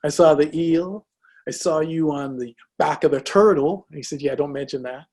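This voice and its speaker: A man's voice: a little high, moderate pace. A man telling a personal story in a motivational talk, acting out the dialogue as he goes. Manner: lively, acts out dialogue in anecdotes. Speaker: speaker.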